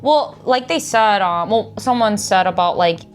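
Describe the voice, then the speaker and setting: A woman's voice: medium pitch, animated, a little slow, soft background music. A woman in a casual chat as a streamer guest, giggly and full of "like" fillers. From Japan.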